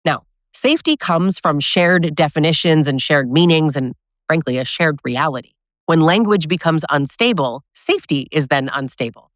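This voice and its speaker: An expressive, low female voice at normal speed, captured at studio quality with no room sound. As an abusive-relationship educator she addresses her audience directly, emphatic and coach-like, frequently tagging on "right?".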